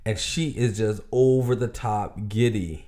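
A man's voice: fairly low pitch, unhurried, warm tone. Male podcast co-host, casual chat, teasing and joking.

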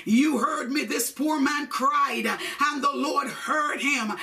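Fervent woman preacher, shouting and chanting. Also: high-pitched, takes it slowly, gravelly. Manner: chanting, shouted declarations with sung phrases. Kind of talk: fervent sermon and prayer. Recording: voice picked up from a distance.

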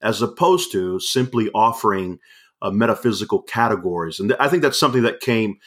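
Measured, low-voiced male podcast host. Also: lively intonation, fairly bright tone. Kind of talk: podcast conversation.

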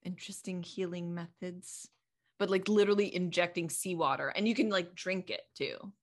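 A woman's voice: lowish voice, moderate pace. A middle-aged woman hosting a podcast in casual chat, rambling along in a stream of thought and laughing often. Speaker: podcast host.

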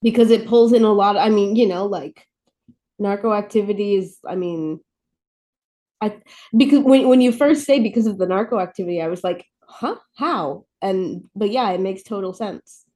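A woman's voice: medium pitch, normal speed, mellow. A woman hosting a podcast, chatting casually with a guest and giving frequent encouraging backchannels. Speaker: podcast host. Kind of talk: casual conversational interview.

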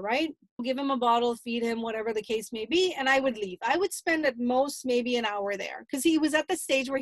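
A woman, a grandmother, telling a personal family story in an emotional, animated way, acting out what people said. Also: high voice, dry recording, poor audio. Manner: emotional, animated retelling with acted-out quotes.

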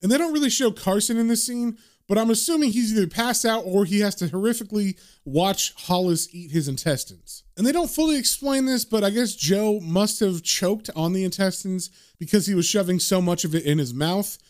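A man casually retelling a comic book story, animated and relishing the gory scenes. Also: high voice, brisk, few pauses.

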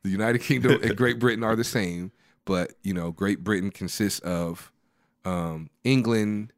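A man's voice: fairly low pitch, moderate pace, dry recording, studio quality. A man in his thirties co-hosting a podcast, telling stories in a casual, rambling way full of restarts. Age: 30s. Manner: storytelling, lots of restarts and "you know". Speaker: podcast co-host. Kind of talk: casual chat.

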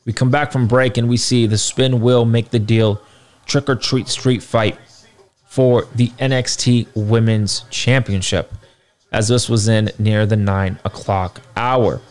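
Young guy rambling thru a wrestling recap, mid-pitched voice, slangy, keeps asking you feel me. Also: fairly even intonation, unhurried, a little mellow. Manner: loose slangy talk with fillers, asks listeners for agreement. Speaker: wrestling show reviewer. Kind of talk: casual recap commentary.

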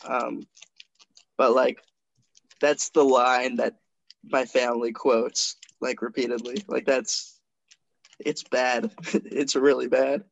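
A man with a gravelly, fry-heavy voice talks loosely on a comedy podcast and pads his stories with fillers. The sound is dry and close, with no room around it. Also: mid-range voice, flat delivery, takes it slowly, pauses often, no room sound, lo-fi sound. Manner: rambling, lots of "like" fillers. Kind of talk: casual comedic chat.

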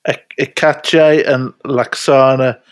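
A man's voice: mid-range voice, fairly even intonation, slow, clean tone, no echo. A man co-hosting a podcast, stumbling over words as he reads a record. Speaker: podcast co-host. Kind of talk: casual banter.

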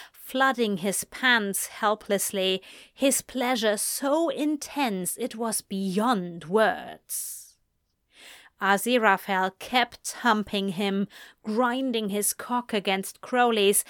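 Woman narrator, slow measured reading, dry close recording. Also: medium pitch, clear, resonant tone, no room sound. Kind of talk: scripted narration of fan fiction.

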